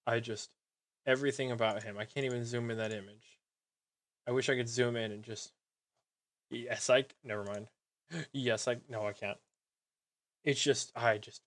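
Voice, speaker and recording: A man reviewing collectible figures in a sarcastic vlog, gushing with fake sentimentality and breaking off into halting, trailing sentences. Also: on the low side, a bit bright.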